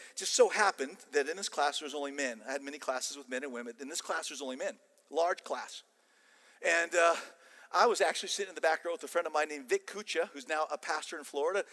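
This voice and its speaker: An older man with an American accent preaching a sermon, animated and emphatic with casual asides. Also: a little high. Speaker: pastor. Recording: long church-hall reverb.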